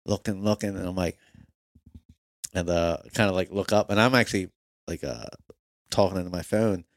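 A man's voice: sits low, moderate pace, no room sound, clean studio sound. A man in casual conversation, telling a story earnestly and acting out his own thoughts.

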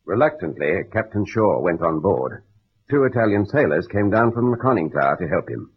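A male narrator tells the story in a measured, grave manner. His voice is low and husky, with lively swings of pitch. The vintage broadcast sounds dull and muffled. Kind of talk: scripted radio drama narration. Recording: dull old radio broadcast.

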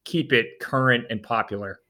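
Bright-voiced man with an upstate New York accent. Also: medium pitch, normal speed. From Syracuse, New York. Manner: teasing, laid-back questioning. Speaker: radio producer. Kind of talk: casual podcast co-host chat.

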